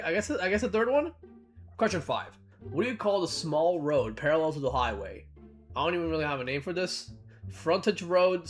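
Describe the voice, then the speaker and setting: Lively, swearing creator thinking out loud. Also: mid-range voice. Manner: thinks aloud, swears casually, laughs between answers. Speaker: gaming video creator. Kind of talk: casual commentary while taking a quiz.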